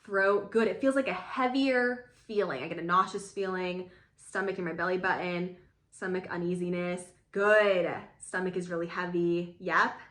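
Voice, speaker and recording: A woman's voice: fairly low pitch, fairly even intonation, moderate pace, a bit bright, reverberant. A woman coaching an online workshop, talking casually and leading a soothing guided visualization. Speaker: spiritual coach.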